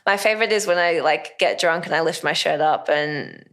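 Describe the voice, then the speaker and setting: An Australian actress and comedian chats casually as an interview guest, animated and acting out voices as she tells stories. Her low voice moves at a normal speed against a loud crowd.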